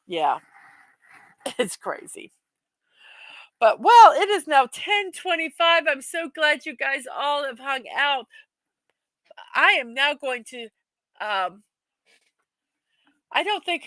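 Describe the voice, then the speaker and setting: An older woman hosting a casual livestream, chatting warmly and rambling, greeting viewers by name as they arrive. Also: a little high, no room sound. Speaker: livestream host.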